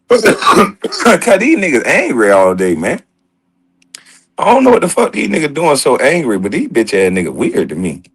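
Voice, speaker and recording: A man's voice: medium pitch, wildly swooping pitch, a little slow, long pauses, slightly rough. A man hosting a casual livestream, talking loosely with a lot of swearing and joking. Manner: loose, profane, joking and laughing. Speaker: livestream host.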